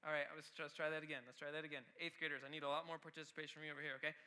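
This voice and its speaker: A man's voice: on the high side, level tone, very fast, bright, forceful tone. A man preaching a youth sermon with energy, talking straight to the students. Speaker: youth pastor.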